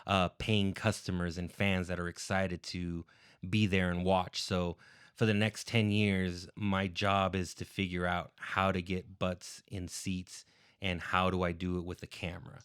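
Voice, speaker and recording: A man's voice: low voice, flat delivery, a little slow, a bit bright, clear, resonant tone, dry recording, studio quality. A man as a podcast guest, explaining his plans at length in an earnest, casual way with fillers.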